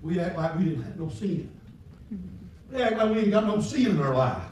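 Male preacher, high voice, colloquial and shouting, heard from afar in a roomy church with faint noise. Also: expressive, normal speed. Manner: swings from quiet reading to shouted preaching; folksy, colloquial phrasing. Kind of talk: sermon. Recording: echoey hall from far off.

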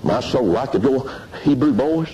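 A man preaching a fiery revival sermon in church, shouting and laughing between exclamations. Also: mid-range voice, expressive, moderate pace, low-quality recording. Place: church service with congregation. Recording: loud crowd noise in church. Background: loud congregation responding.

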